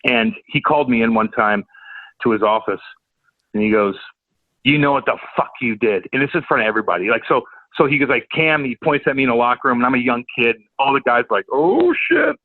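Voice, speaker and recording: A St. Louis, USA guy guesting on a podcast rambles quickly through hockey stories, cussing a lot and stammering repeats in casual conversation. He was once an enforcer, and his voice is medium-pitched. It sounds like a phone call: tinny, dead dry, with no room sound.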